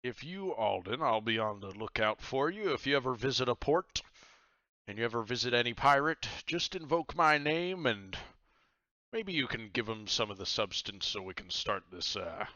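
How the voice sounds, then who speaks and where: A man's voice: medium pitch, expressive, normal speed, bright, forceful tone, no echo, highs cut off, pitched above the performer's own voice. A man voicing a boisterous, jovial male pirate captain in a tabletop role-playing game.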